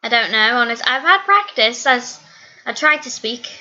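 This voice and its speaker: A woman's voice: fairly high pitch, lively intonation, moderate pace, bright, forceful tone. A woman from Wales, chatting in a giggly, chatty way in a casual Q&A video. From northeast Wales. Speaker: YouTuber. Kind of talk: casual Q&A chat. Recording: dull lo-fi recording.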